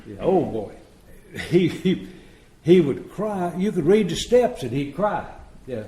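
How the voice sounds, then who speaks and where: A man's voice: on the high side, sing-song, takes it slowly, mellow. A man in his seventies telling his recovery story to a meeting room in a folksy, chuckling way, acting out the dialogue. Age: 70s. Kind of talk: storytelling talk to an audience. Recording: roomy live talk recording.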